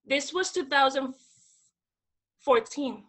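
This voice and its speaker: A woman from the Dominican Republic, a guest telling stories in a casual interview, hyper and animated, acting out the voices of people she quotes. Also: sits high, slow pace.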